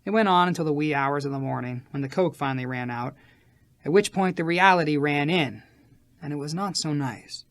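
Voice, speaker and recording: A man reading a first-person memoir as an audiobook narrator, animated, with sharp swings in loudness from line to line. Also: on the high side, a little fast.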